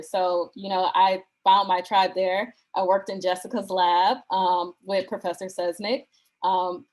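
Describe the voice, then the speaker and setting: A woman from Michigan answers on a panel in a thoughtful, measured way. She pauses often as she gathers her words, keeping an even, mid-pitched voice. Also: poor audio. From Flint, Michigan. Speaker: alumna panelist. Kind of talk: panel discussion.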